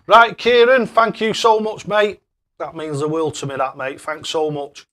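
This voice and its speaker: A man's voice: fairly high pitch, little pitch movement, measured pace, a bit bright. A man hosting a casual live stream, chatting away and thanking viewers by name with matey banter. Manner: matey banter, calls people mate.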